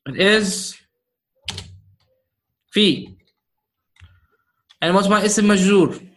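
A high-pitched man gives a grammar lesson to his class. He speaks slowly and repeats each point, and he keeps checking that his students follow along. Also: fairly bright tone. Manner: repeats key points and checks understanding with "right?" and "okay?". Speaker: Arabic grammar teacher.

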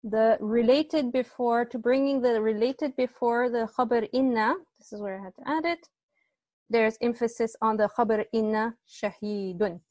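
A woman teaching Arabic grammar in an online class, chatty and quick to correct herself, often checking that the class agrees. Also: on the high side, darkish tone, dry recording. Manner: chatty, self-correcting, asks class to confirm.

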